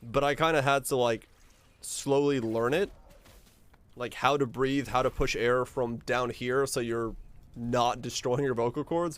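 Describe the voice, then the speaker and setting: A male streamer chatting casually with his viewers in a relaxed, rambling way, his deep voice supported from the diaphragm. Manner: rambling and relaxed, with frequent restarts.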